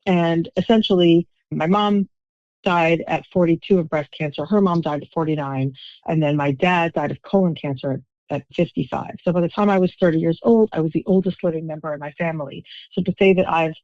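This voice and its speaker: A woman's voice: low voice, steady tone, a little fast, darkish tone, dry recording, dull audio. A woman in her fifties, an author telling her story in a podcast interview over the phone, wry and self-deprecating. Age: 50s. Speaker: author, guest. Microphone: phone call.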